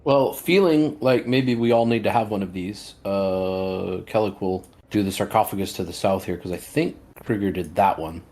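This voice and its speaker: A man playing a tabletop game, chatty and joking, prone to swearing and excited outbursts. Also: deep voice, normal speed, hardly any pauses. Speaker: player. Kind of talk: casual tabletop banter.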